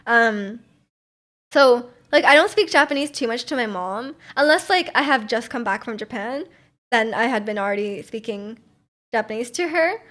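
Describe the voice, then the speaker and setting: A young woman from North America with a slightly high voice chats on her livestream. She rambles, laughs easily and fills every gap with little fillers, just hanging out with viewers. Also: expressive, normal speed, fairly bright tone. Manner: rambling, filler-heavy, giggly. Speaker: livestream host. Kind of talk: casual stream chat.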